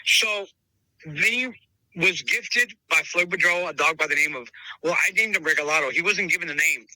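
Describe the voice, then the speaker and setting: Man, podcast interview guest, fairly high voice, forceful sharp tone, dry close sound, repeats and restarts words, says bro and brother. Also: moderate pace, no room sound, rough recording. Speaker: dog breeder interviewed on a podcast. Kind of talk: animated storytelling in conversation.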